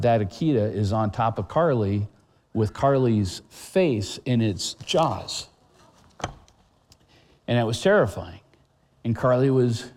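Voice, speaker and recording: A middle-aged man delivers a sermon in an earnest, conversational way, often pausing with fillers and restarting his phrases. His voice sits in an ordinary middle pitch. The recording carries the long reverb of a large church hall. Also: darkish tone. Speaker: pastor.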